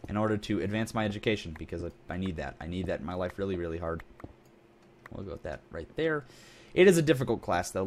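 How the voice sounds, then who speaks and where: A young man hosting a casual game video, rambling and joking as he corrects himself mid-sentence. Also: lowish voice. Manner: rambling, self-correcting, jokey. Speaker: gaming channel host.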